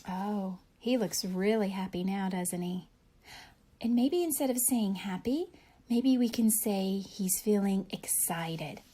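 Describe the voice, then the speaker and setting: A young woman teacher reading a picture book aloud to young children, pausing to ask gentle questions. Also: mid-range voice. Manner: gentle, animated storybook reading with questions to kids.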